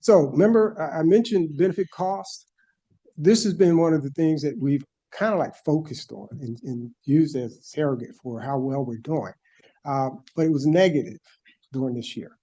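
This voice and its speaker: A man with a fairly high, mellow voice presents to a board meeting. He talks in a methodical way and walks through each slide in turn. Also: normal speed.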